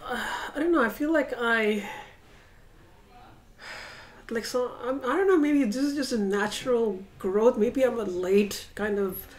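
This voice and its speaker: A woman's voice: on the high side, unhurried. A woman talking casually to a camera set up across a room at home, reflective and rambling, with many hesitations. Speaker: vlogger. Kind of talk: casual vlog monologue.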